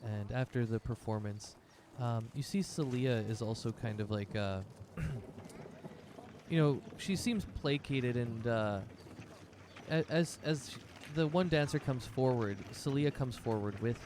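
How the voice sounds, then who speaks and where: A man's voice: mid-range voice, unhurried, noisy background. A man narrating as game master of a tabletop game, rambling loosely with many fillers.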